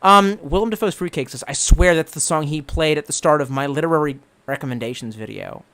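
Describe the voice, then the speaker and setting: Fairly quick and fairly bright, this young man's voice runs a little high. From the DC metro area in the US, he's reading chat messages on a live stream in a casual, profane, sarcastic way, drinking more as it goes on.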